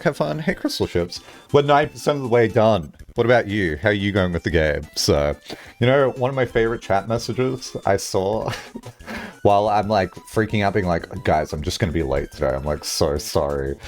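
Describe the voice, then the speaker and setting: A man livestreaming, chatting casually with his viewers in a lively, rambling way, swearing freely and filling his talk with "like". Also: sits low. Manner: animated, chatty, swears casually, many "like" fillers. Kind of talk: casual livestream chat, answering chat.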